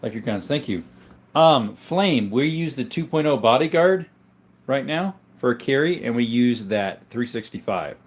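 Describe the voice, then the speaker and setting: A man of ordinary pitch hosts a live stream, answering viewers' questions in a relaxed, easygoing way. He reads out comments, greets people by name and talks things through unhurriedly. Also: measured pace. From Arizona, US. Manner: laid-back, answers chat questions one by one. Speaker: livestream host. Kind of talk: casual live chat reading viewer comments.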